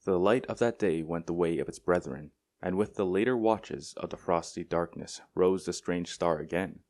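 A male audiobook narrator with a very deep voice, reading a classic story aloud. His delivery is measured and deliberate. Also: a little mellow. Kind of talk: scripted narration.

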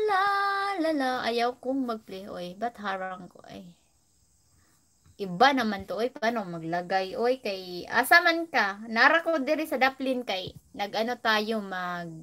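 A woman's voice: mid-range voice, animated, unhurried, sharp tone. A woman from the Philippines with a Filipino accent, hosting a casual live stream. She chats, laughs often, mixes in Filipino phrases, and reads out viewer comments. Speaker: livestream host.

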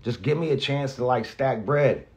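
A male radio host with a mid-range, a little mellow voice gives a casual spoken farewell at a moderate pace. He rambles with lots of profanity, often restarting sentences, and grows emotional, near tears at times.

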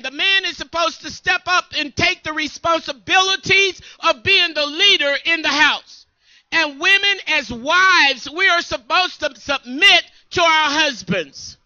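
A woman co-pastor preaching a sermon in an emphatic call-and-response style, often pausing for her congregation to answer. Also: sits high, pushed and bright, dry recording, muffled recording.

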